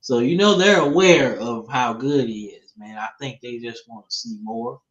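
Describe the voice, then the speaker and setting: A man's voice: mid-range voice, normal speed. Laid-back slangy man talking football. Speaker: podcast host. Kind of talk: casual sports talk. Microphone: streaming setup, remote call. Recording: dull lo-fi stream audio.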